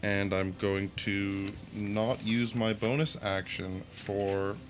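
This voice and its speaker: A man playing in a tabletop game, excitable and joking, thinking his moves out loud. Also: lowish voice, slow, soft background music. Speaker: player. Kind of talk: casual tabletop play.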